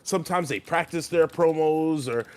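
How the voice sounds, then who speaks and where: A man's voice: a little high, normal speed, a little mellow. A young man co-hosting a podcast in casual, profane chat, rambling and getting heated when riled up. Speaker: podcast co-host and streamer.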